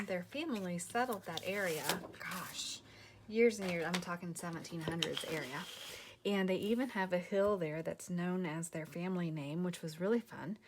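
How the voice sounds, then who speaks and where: A woman's voice: lowish voice, background noise. A tired woman hosting a crafting channel, chatting casually and rambling to viewers as she works on a journal. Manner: chatty, rambling, talks to viewers while working.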